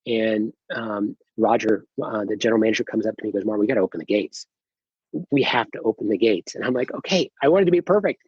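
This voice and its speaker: A middle-aged man, a company founder, telling his story as a podcast guest, animated, acting out quoted dialogue, with many fillers and restarts. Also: on the low side, quick pace, slightly rough, dry recording, dull audio. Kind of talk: casual storytelling interview.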